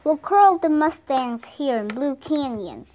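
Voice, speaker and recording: A laconic cowboy trail boss, read by a woman whose first language is Vietnamese, giving short, calm orders in a slow, unhurried manner. He speaks with a lively, rising-and-falling lilt at a leisurely pace, as in a children's storybook. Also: sits high, dull audio.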